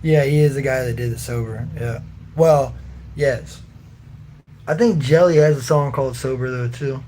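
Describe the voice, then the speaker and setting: A man's voice: medium pitch, normal speed, warm tone, slight background noise. A man hosting a casual livestream, reading out viewers' comments and answering in a loose, joking, slangy way with frequent laughs. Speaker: livestream host reading chat.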